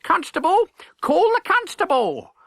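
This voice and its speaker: A shrill, accusing market woman from a storybook, put on by a man. Her voice sits very high and sounds bright. The delivery is quick to cry out. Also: sing-song, no room sound, studio quality, exaggerated voice. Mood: indignant.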